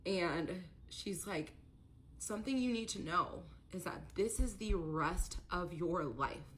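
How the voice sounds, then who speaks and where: In an earnest, confessional vlog played during a reaction stream, a woman recounts a painful personal ordeal, quoting others and growing emotional, her voice rising when upset. Her voice is lowish, fairly bright and animated, and she takes it slowly. There's slight background noise.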